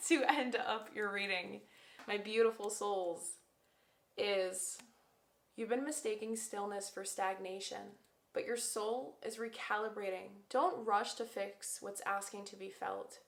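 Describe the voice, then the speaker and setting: A woman's voice: medium pitch, vocal fry, fairly bright tone. A woman giving a casual card reading to viewers, heartfelt and effusive, leaning hard on the lines she wants heard. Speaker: tarot card reader. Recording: echoey room.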